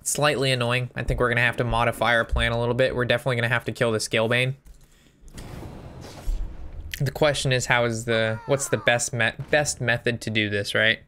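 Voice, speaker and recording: A man's voice: medium pitch, little pitch movement, fairly quick, sharp tone, a little hiss or hum. A man giving casual gameplay commentary, thinking through his moves aloud and sometimes breaking into a sweary rant. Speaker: game streamer.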